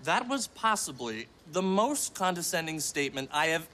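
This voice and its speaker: A prissy, smug snob fan. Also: male voice, on the high side, big pitch swings, normal speed, sharp tone, a little hiss or hum. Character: snobbish condescending man sports fan. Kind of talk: sketch comedy acting. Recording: TV studio audience laughter.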